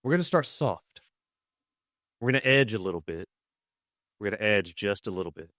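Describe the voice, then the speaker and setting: A man with a low-pitched voice co-hosts a casual podcast. He plays a mock therapist, teasing and repeating himself. The sound is close and dry, with no room echo. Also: lively intonation, normal speed, fairly bright tone. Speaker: podcast co-host. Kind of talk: casual comedic chat.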